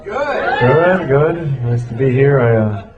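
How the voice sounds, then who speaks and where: A man doing hesitant, rambling, profane stand-up comedy, recorded live with loud crowd noise. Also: mid-range voice, animated, slow pace, narrow, tinny audio, over loud music. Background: audience laughter.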